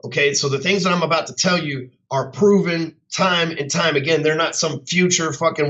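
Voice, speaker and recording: Brash male coach with a tense, high voice, cursing through an off-the-cuff rant on muffled, lo-fi audio. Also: normal speed, hardly any pauses, pushed and bright. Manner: profane, blunt and combative. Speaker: business coach. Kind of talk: unscripted rant to camera.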